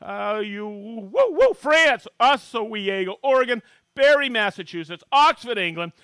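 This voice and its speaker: Middle-aged host from Maine, high and bright, dry close sound; chatty, jokey live-stream presenter reading out viewer shout-outs. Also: male voice, a little slow, clear, resonant tone, no room sound. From Maine, USA. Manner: chatty, jokey, reads out viewer locations with bursts of excitement. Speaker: livestream host demonstrating tools.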